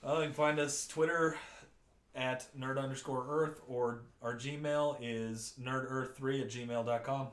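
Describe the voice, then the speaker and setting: A man co-hosting a podcast, chatting casually, profane and laid-back, getting animated when telling stories. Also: medium pitch, measured pace. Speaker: podcast co-host. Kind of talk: casual chat. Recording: echoey room.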